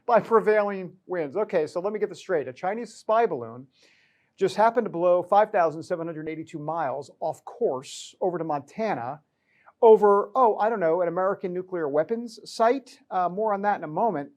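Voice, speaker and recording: A man's voice: high-pitched, expressive, normal speed, a little mellow. Sarcastic joking male talk show host. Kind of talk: comedic news commentary.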